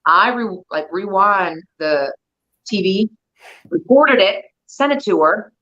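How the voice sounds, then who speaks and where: A woman jokes and chats in quick, lively bursts during a relaxed group conversation. Her voice sits at a middle pitch, and the recording sounds a bit dull and muffled. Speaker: guest. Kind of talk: casual chat.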